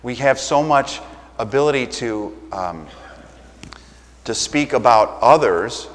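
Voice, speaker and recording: A man's voice: medium pitch, lively intonation, slow pace, long pauses. A man delivers a sermon from the pulpit in an easy, conversational way, slipping into little acted-out dialogues. His mid-range voice rings out with a long church reverb around it. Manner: conversational, acts out quoted exchanges. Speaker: pastor.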